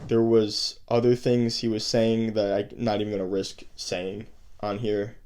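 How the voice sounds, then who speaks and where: A man's voice: on the low side, flat delivery, unhurried, a little mellow. A man hosting a video, angrily commenting on chat messages he reads out, swearing and sounding disgusted. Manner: profane, disgusted, heated. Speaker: host. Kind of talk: angry commentary reading chat logs.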